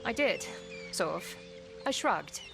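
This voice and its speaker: A wry young heroine in a story-driven game, tossing off her lines in a dry, offhand way. Game music sits clearly under her voice. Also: medium pitch, big pitch swings, slow pace, full character voice. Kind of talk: video game voice acting. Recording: game audio over music.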